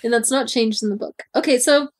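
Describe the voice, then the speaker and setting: A young woman with a somewhat high voice co-hosts a casual podcast. She chats loosely and reads book passages aloud in an animated way. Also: a little fast. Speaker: podcast co-host. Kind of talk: casual chat and reading aloud.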